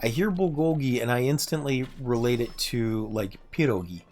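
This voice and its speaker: During a gameplay livestream, a male streamer talks casually with his chat, joking and mumbling to himself between moves. He speaks at normal speed in a slightly mellow voice over soft background music, dropping to a low mutter whenever the game demands his attention.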